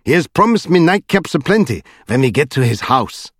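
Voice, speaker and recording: An old blind king, giddy and excitable, as a male narrator puts him on, his voice jumping high with eager exclamations. The sound is dry and close. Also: moderate pace, husky, no room sound, heavily acted. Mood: excited.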